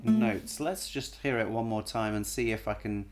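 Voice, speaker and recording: A man's voice: lowish voice, normal speed, over loud music. A man analyzing a song on a live stream, casually singing short bits of melody to show the notes and often stopping to correct himself.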